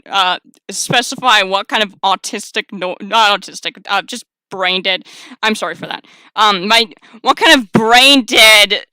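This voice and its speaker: A woman streamer playing a dating game, with a bright, sharp tone and a smooth, clear voice. She talks loudly and excitably, with frequent shrieks and laughs of protest. She is recorded on a close desk mic in a dry room. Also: medium pitch, dry recording. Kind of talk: let's play commentary.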